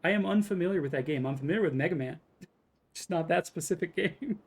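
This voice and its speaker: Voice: medium pitch, fast, breathy edge. Casting: chatty, jokey game streamer greeting viewers, mid-range voice. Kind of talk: casual live-stream chat.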